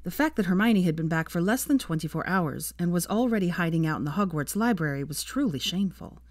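A woman narrating a fan fiction story in an expressive, measured reading. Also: on the low side, dry recording, studio quality. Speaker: fanfiction reader.

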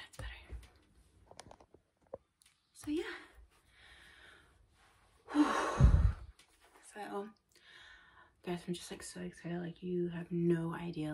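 A woman's voice: fairly low pitch, a little mellow. Chatty young woman, half-whispering. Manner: chatty, many fillers, often drops to a whisper. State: tired, a little out of breath. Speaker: vlogger. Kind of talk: casual chat to camera.

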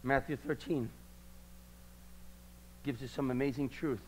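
A man preaching a sermon at a church service, repeating lines passionately and swinging between quiet talk and loud declarations. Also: mid-range voice, steady tone, unhurried, slight background noise, poor audio.

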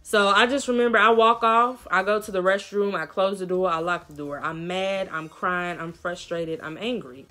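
A young woman vlogger telling a lively storytime in casual slang, acting out what people said. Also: medium pitch, normal speed, hardly any pauses, faint music behind. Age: young adult. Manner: animated, slangy storytelling with quoted voices. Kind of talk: storytime vlog.

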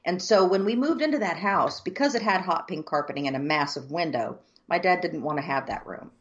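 A woman from the southern United States with a very low voice, telling a story at an unhurried pace with plenty of ums. The audio is dull and lo-fi. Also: lively intonation. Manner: measured, many ums, descriptive. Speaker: co-host. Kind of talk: casual chat, storytelling.

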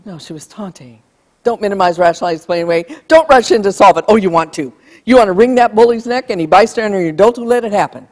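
In a fast, lively delivery and a voice on the low side, a woman presents an emphatic bullying keynote to a live audience. She acts out lines from parents and kids as a long hall reverb trails her words.

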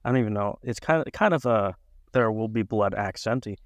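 A man co-hosting a podcast in casual chat, loose and rambling, quick to laugh. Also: on the low side, animated, no room sound, clean studio sound. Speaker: podcast co-host.

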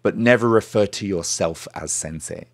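Man, podcast host, low voice, dry sound, chatty explainer. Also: normal speed, dry recording. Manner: chatty, explains phrases step by step. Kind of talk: conversational language lesson.

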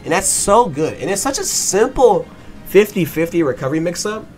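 A man giving a fast, excited play-by-play breakdown of a fighting game match, swearing and breaking into excited bursts. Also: sits high, soft background music. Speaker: match analyst.

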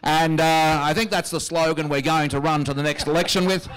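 A man's voice: a little high, fairly even intonation, fairly quick, a bit bright, clear, resonant tone, close to an everyday voice. A man with an Australian accent doing a stand-up impression of a pompous, self-satisfied wealthy prime minister, speaking in a smug, drawling, self-amused way on stage. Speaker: comedian.

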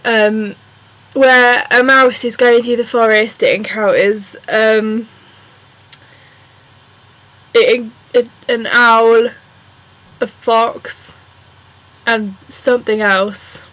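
A woman's voice: fairly high pitch, drawn-out words, long pauses, rough recording. Chatty English young woman vlogging. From England. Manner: rambling and excitable, full of ums. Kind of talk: casual vlog chat.

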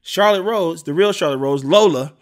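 Animated man recapping a show. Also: a little high, moderate pace. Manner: animated storyteller acting out characters. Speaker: podcast co-host. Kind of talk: casual chat recapping a TV show.

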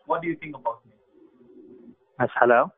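A man's voice: medium pitch, brisk, breathy edge, no room sound. A man, a phone scammer posing as tech support, who insists and repeats his questions over and over. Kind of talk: pushy scam phone call. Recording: tinny phone line with faint music.

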